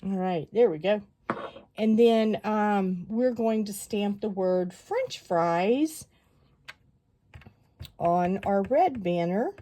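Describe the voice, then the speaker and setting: A woman calmly walking viewers through a stamping craft project step by step, chatty and given to rambling asides. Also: mid-range voice, slow pace, long pauses.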